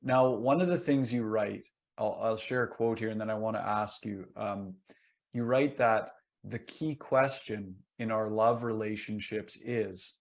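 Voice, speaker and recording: A man's voice: fairly low pitch, unhurried, creaky. A man hosting an interview, politely reading out a quote and repeating words as he frames his questions. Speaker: interview host.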